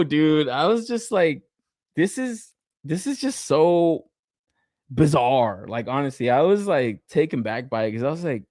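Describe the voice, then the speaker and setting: A young man rants on a podcast, cursing freely and breaking into laughs. His pitch swings widely as he gets worked up. He sounds dry and close to the mic. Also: moderate pace, no room sound. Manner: profane, animated ranting with frequent laughs. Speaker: podcast host. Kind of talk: casual ranting podcast talk.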